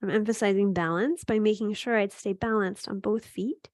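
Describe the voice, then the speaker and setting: A woman teaching a gentle yoga class, giving calm, encouraging cues with frequent "um" and "right?". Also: medium pitch, normal speed, dry recording, studio quality. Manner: speaks to students by name. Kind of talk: guided yoga class instruction.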